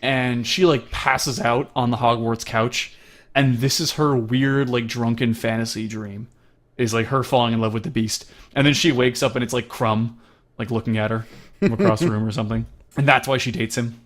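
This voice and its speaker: A man's voice: medium pitch, moderate pace. A young man co-hosting a casual movie review podcast, rambling and laughing as he talks. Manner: rambling, laughing, animated impressions. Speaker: podcast co-host.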